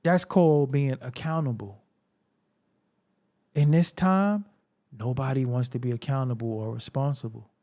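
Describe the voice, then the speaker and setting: A man's voice: medium pitch, unhurried, pauses often, dark tone. A man hosting a solo hip-hop commentary show, talking bluntly and profanely, with a confrontational, preaching manner. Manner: repetitive, preaching.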